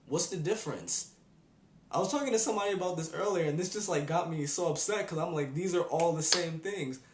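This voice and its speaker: A young man ranting on his video blog in an exasperated, animated way. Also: fairly high pitch. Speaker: vlogger. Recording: echoey room.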